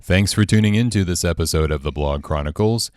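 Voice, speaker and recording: A man's voice: sits low, fairly quick, darkish tone, no echo, clean studio sound. A man hosting a podcast, upbeat and informal as he wraps up the interview and signs off. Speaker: podcast host.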